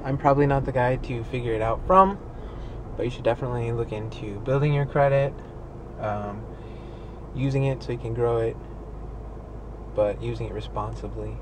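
A man's voice: medium pitch, normal speed, long pauses. Man vlogger, allergy-stuffy voice, rambling asides, street traffic noise behind, handheld camera. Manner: rambling, offhand. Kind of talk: casual vlog chat. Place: driving around town, outdoors and in a car. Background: traffic and city ambience.

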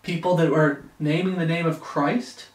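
A high-voiced man preaches with fervor, swelling into emphatic bursts. He stands back from the mic, and his words ring through a roomy, echoing space. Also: fairly even intonation, normal speed, recorded from a distance. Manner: fervent, rising to emphatic bursts. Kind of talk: sermon.

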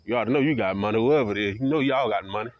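A man's voice: fairly low pitch, rapid-fire, dry recording, lo-fi sound. A man vlogging in a combative, profane ranting monologue, talking defiantly. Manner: combative, defiant, heavy swearing.

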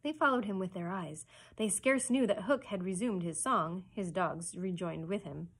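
A woman librarian reading a children's chapter book aloud with expressive storytelling narration. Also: medium pitch, normal speed, slightly rough.

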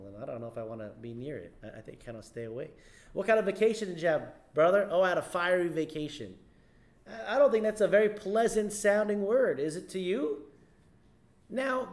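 Guy preaching sunday school, kinda high voice, keeps repeating stuff and asking the class questions. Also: a little mellow. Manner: rhetorical questions to the class, emphatic repetition. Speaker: pastor. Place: church.

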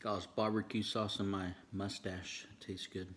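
A man's voice: low voice, moderate pace, slight background noise. A man vlogging his day at home as a streamer, talking casually to his viewers while he eats. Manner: relaxed, talks to viewers while eating. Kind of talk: casual vlog chat.

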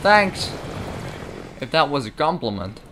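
The host of a gaming channel, a man with a mid-range voice, speaks slowly but animatedly, cracking jokes at his own expense as he plays a shooter. There's slight background noise, and loud in-game gunfire plays over him.

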